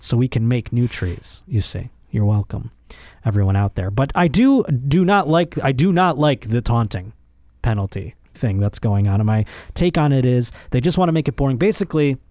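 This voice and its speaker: A man's voice: dry recording, studio quality. Crude joking podcast host man. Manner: animated, crude, jokey, voice jumps high when worked up. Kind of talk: casual comedic rant.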